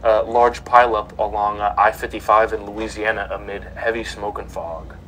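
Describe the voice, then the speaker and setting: A man with a fairly low voice reads sports headlines on a casual podcast, stumbling through frequent ums and uhs. A faint hiss of noise sits under his voice. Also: flat delivery, normal speed, sharp tone, rough recording. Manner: reads headlines with many fillers. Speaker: podcast host reading sports news. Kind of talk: casual sports news chat.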